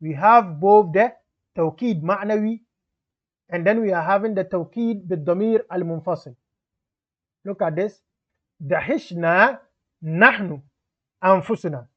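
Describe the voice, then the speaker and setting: A man's voice: sits high, lo-fi sound. A man teaching Arabic grammar, reading lines from a textbook and explaining them in English. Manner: reads Arabic text then explains in English.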